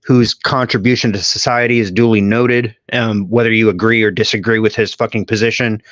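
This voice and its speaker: A man's voice: on the low side, steady tone, a little fast, a bit bright, no echo. A man on a casual podcast, telling long profane stories in a rambling way. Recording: dull lo-fi audio.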